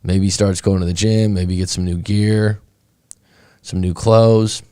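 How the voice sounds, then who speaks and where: A breakup coach, male, rambles through a casual live stream, restarting sentences and leaning on fillers as he circles back. His voice is low, mellow, clear and resonant, with a steady, unhurried delivery. The sound is close and dry, with almost no room around it.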